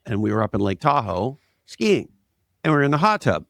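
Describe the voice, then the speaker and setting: Male guest, blunt and emphatic storyteller, average pitch, dry close-mic sound. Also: sing-song, brisk, vocal fry, fairly bright tone, dry recording. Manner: emphatic, blunt, makes points with anecdotes. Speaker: interview guest. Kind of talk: conversational interview, storytelling.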